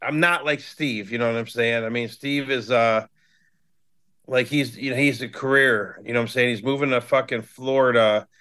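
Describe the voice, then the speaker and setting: Man, 50s, from cleveland, podcast guest, blunt, swears constantly, mid-pitched voice. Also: fairly even intonation, normal speed, sharp tone, smooth. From Cleveland, USA. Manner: blunt and heavily profane storytelling. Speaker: guest, hardcore band member. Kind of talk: casual podcast chat.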